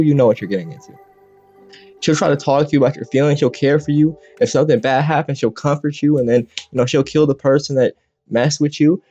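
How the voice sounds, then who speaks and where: A young man, a content creator, rants comedically over gameplay with a mellow, mid-range voice. The rant is crude and over the top, full of swearing and jumps between voices, captured on a dull lo-fi mic with faint background music.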